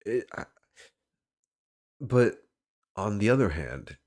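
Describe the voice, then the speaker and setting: Deep-voiced rambling man streaming a game. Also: big pitch swings, slow pace, a little mellow. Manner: rambling, lots of "like", thinking aloud. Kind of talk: casual gameplay commentary.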